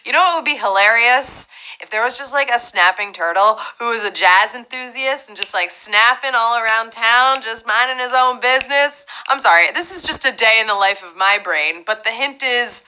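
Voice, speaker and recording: A young woman hosting a live trivia game show, playful and chatty with quick asides. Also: on the high side, bright, forceful tone, smooth, low-quality recording.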